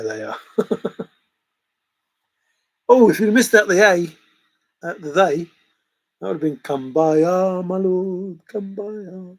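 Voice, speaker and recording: In a rough recording, a male streamer chats loosely with his audience, chuckling as he responds to their comments. His pitch is fairly high, with vocal fry and a breathy edge.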